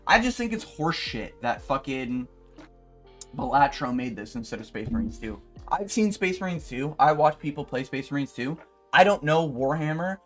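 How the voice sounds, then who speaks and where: A young man YouTuber ranting in a profane, exasperated way, with sudden loud outbursts. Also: on the high side, expressive, normal speed, faint music behind. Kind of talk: ranting commentary video.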